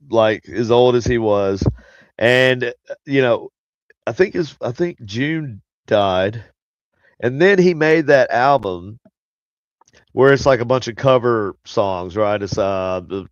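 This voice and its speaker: A man's voice: lowish voice, clear, resonant tone, dry recording, dull audio. A man hosting a paranormal podcast, chatting casually and rambling with many fillers and restarts. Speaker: podcast host. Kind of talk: casual chat.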